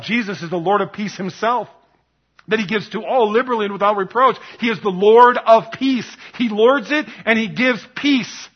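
A man preaching a sermon as pastor, earnest, repeating phrases and dropping softly on key words. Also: sits high, highs cut off.

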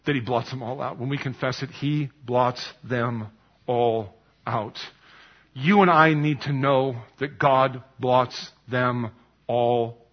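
Husky-voiced man preaching a sermon. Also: medium pitch, highs cut off. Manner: earnest preaching, repeats phrases, drops soft on key words. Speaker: pastor.

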